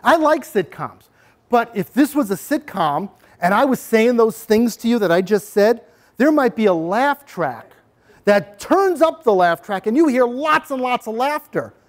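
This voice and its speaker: A middle-aged man presenting an anti-bullying workshop to parents, animated and acting out scenes. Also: very high voice, a little slow. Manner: animated, acts out scenes for the audience.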